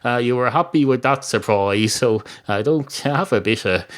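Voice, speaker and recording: A man's voice: mid-range voice, normal speed, lightly acted. An Irish man voicing a cheeky, rambling male talking cat with an offhand, flippant manner.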